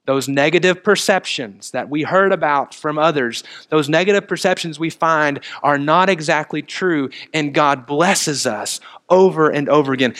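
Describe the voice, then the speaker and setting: A man's voice: a little high, moderate pace, hardly any pauses, a bit bright. A man, a minister preaching a sermon and telling stories from his neighborhood life. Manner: storytelling, quotes others in conversation.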